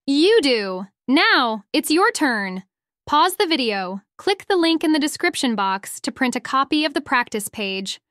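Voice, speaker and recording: Slow, sing-song woman teaching young children. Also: high voice, big pitch swings, fairly bright tone, no echo, studio quality. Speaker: first-grade teacher. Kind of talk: children's phonics lesson.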